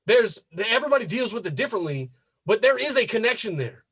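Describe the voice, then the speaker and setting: A man's voice: extremely high pitch, sing-song, quick pace, a bit bright, slightly rough, no echo. A man hosting a podcast, ranting casually with emphatic, repetitive and profane advice. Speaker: podcast host.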